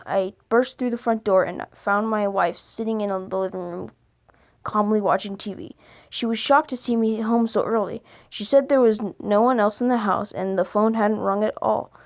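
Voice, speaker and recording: A woman reading scary stories aloud for a video, halting now and then to stumble over and correct her words. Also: medium pitch. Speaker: video creator.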